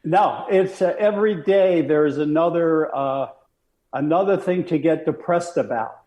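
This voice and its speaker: A man's voice: a little high, measured pace, darkish tone, reverberant, poor audio. An elderly man in his eighties, a film director as interview guest, speaking in a subdued, hesitant way with an irritated throat. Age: 80s. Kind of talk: interview conversation.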